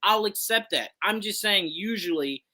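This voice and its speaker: Male co-host who argues his point with rhetorical questions, high piercing bright voice. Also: animated, normal speed. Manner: emphatic, poses and answers his own rhetorical questions. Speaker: podcast co-host. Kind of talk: casual live sports chat.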